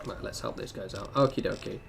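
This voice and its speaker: A man's voice: on the low side, fairly quick, creaky, a little hiss or hum. Chatty man streaming a game. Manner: chatty, rambling, lots of fillers. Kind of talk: casual chat while gaming.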